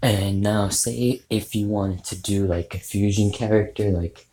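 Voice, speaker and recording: A man's voice: lowish voice, steady tone, unhurried, dark tone, slight background noise, low-quality recording. A man giving casual, rambling tips on doing voice impressions, with lots of fillers and restarts. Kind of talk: casual spoken tutorial.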